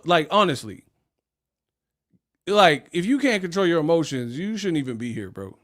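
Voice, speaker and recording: His voice is a little high and a bit bright, with big pitch swings and a moderate pace. Hosting a casual livestream, he rants in slang, laughing at his critics dismissively and mockingly.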